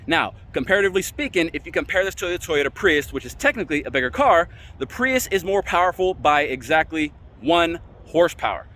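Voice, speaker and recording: Upbeat male car salesman doing a vlog review, bright and salesy, with faint outdoor noise. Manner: upbeat salesy pitch, playful argumentative asides. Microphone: phone camera.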